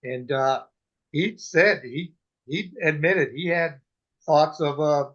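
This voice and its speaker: Male veteran, somewhat high voice, halting and earnest, lo-fi recording. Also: a bit bright. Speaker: veteran, panel member. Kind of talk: casual storytelling chat. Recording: dull lo-fi recording.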